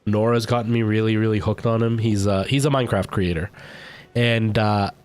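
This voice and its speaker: A man's voice: on the low side, fairly even intonation, moderate pace. A man streaming a game live, rambling and thinking aloud as he plays, often poking fun at himself. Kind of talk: live gameplay commentary.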